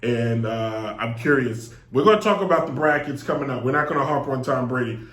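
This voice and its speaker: Animated joking sports radio host. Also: male voice, mid-range voice, fairly quick. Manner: animated, rambling, jokey. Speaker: sports talk show host. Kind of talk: casual live sports radio talk. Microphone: desk mic on a stand. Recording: echoey room.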